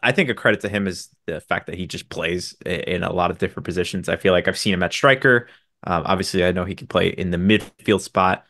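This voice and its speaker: A man co-hosting a sports podcast, briskly running through signings and stats with dry, sarcastic asides. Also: deep voice, fairly bright tone, dry recording. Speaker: podcast co-host. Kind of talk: casual sports podcast chat.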